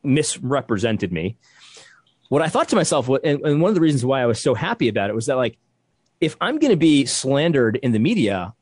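A young man with a slightly husky voice holds forth in heated, conversational commentary. His pitch jumps around a lot as he presses each point, repeating himself and restarting sentences. The sound is dry and close. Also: very animated, a little fast, darkish tone, dry recording. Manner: emphatic, repetitive, restarts when worked up. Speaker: podcast co-host.

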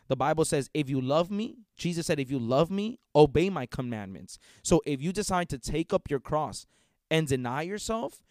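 Man, podcast host, fervent preaching, repeats and restarts, fairly high voice, dry. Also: a little mellow, no room sound. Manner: fervent, repetitive, stumbling restarts. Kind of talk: preaching monologue.

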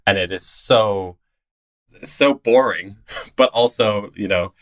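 A man's voice: lowish voice, slow. A man hosting an interview, chiming in agreeably with short affirmations and asking follow-up questions. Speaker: host, drag performer. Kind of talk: podcast interview.

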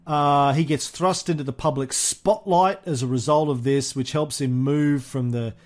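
A man hosting a history podcast, walking through the story in a loose, chatty way. He laughs easily and fills his pauses with plenty of "uh"s. His voice sits a little on the high side. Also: fairly even intonation, a little mellow. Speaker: podcast host. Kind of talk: casual history podcast chat.

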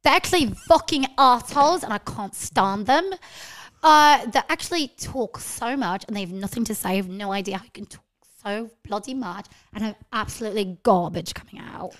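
A woman's voice: mid-range voice, moderate pace, a bit bright. A woman guest on a podcast, chatting casually in a brash, profane, teasing way.

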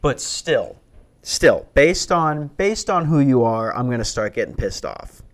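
A man's voice: mid-range voice, big pitch swings, a little slow. Young guy doing stand-up, swears a lot, rambles and gets all worked up. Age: 20s. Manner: profane, rambling, getting worked up and ranting. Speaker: stand-up comedian. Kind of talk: stand-up storytelling.

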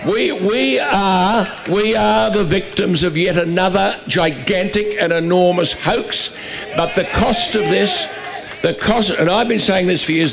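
A man's voice: sits high, vocal fry, a bit bright. A man giving an emphatic, repetitive, sarcastic speech into a microphone at an outdoor protest rally. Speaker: rally speaker and broadcaster. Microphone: stage microphone.

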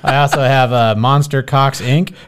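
A man's voice: medium pitch, steady tone, normal speed, smooth. A man co-hosting a casual comedy podcast, telling crude jokes and laughing at his own lines. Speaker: podcast co-host.

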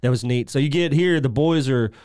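A man's voice: medium pitch, brisk, clear, resonant tone, dry recording. Man in a dry, close-miked casual recap. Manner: animated, acts out quoted lines with a raised voice. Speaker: podcast co-host. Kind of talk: casual episode recap chat.

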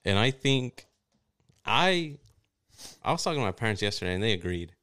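A man talks loosely and jokes with friends, swearing freely. His voice sits on the low side. It sounds smooth and full. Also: big pitch swings, moderate pace, pushed and bright. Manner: loose, profane, joking. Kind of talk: casual chat.

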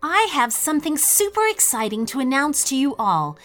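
Lively woman reading a kids' story. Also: high-pitched, normal speed, faint music behind. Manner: expressive, animated storytelling. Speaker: storyteller and podcast host. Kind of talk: children's story narration.

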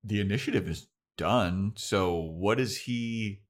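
A man's voice: lowish voice, slow. A man co-hosting a podcast, recapping scenes in a laid-back, casual way. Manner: retells scenes with acted-out quotes, laid-back. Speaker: podcast co-host. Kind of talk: casual chat.

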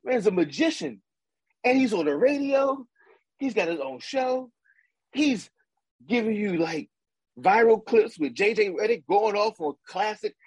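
A man with a high, husky voice rants through casual sports talk and keeps repeating his point. His speech is full of slang. The recording is dry and close. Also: measured pace, no room sound. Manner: animated, ranting, repeats himself, slangy. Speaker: podcast co-host.

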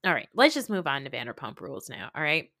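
A woman's voice: low voice, very animated, fast talker, vocal fry, bright, forceful tone, dry recording, studio quality. A woman podcast host from New Jersey, chatting casually and gossiping about reality TV, often slipping into mocking quotes. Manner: gossipy, laughing, mimics people in quotes. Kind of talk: casual chat.

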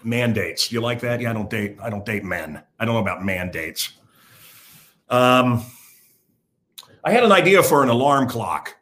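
A man's voice: medium pitch, lively intonation, moderate pace, pauses often, a bit bright. An older man hosting his own show, talking blunt and rambling in a casual monologue to camera. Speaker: host.

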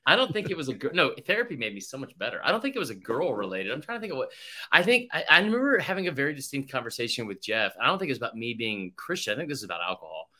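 Rambling, cussing young man with a bright voice. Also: medium pitch, very animated, very fast. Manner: rambling, swears a lot, tells stories with quoted voices. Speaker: podcast co-host. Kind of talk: casual sports podcast chat.

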